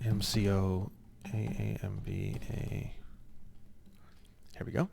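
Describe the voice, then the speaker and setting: A man teaching an online course in a crude, joking way, swinging between low muttering and loud, excited rants. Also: slow pace, vocal fry, slight background noise. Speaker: online legal course instructor. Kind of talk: profane, rambling screen-share lesson.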